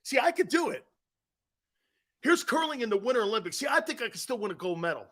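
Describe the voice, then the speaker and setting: A man's voice: extremely high pitch, sing-song, fast talker, a bit bright. A man hosting a sports talk show, joking and rambling between laughs.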